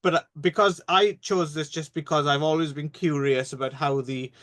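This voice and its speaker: A man's voice: fairly high pitch, fairly even intonation, normal speed, fairly bright tone. A British man co-hosting a podcast, reviewing a film in casual, wry chat and swearing freely. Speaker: podcast co-host.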